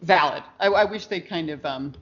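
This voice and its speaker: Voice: mid-range voice, moderate pace, fairly bright tone. Rambling podcast co-host, lo-fi sound. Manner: rambling, many fillers and restarts. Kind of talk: casual chat about a film. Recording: dull lo-fi podcast audio.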